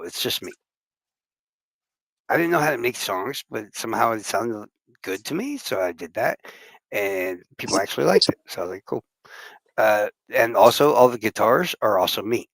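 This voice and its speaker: A man's voice: mid-range voice, creaky, fairly bright tone, dry recording, poor audio. A man streaming and chatting casually, rambling, swearing and acting out other people's reactions. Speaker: streamer and musician.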